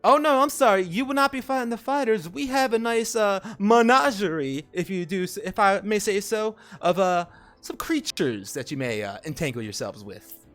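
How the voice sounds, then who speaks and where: A flamboyant, wheedling arena promoter, put on by a man in a tabletop game, with a high voice that swings lively up and down. He drawls like a showman and says "yous". Faint music plays behind him. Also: normal speed.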